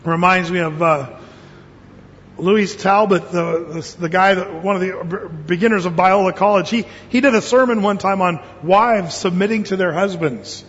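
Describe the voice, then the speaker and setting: A man preaching in a high, bright register, telling stories and acting out voices with folksy humor. The recording sounds a little muffled, and a long echo from the sanctuary trails his words. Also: moderate pace. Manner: folksy storytelling with jokes and quoted voices. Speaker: pastor. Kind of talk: sermon.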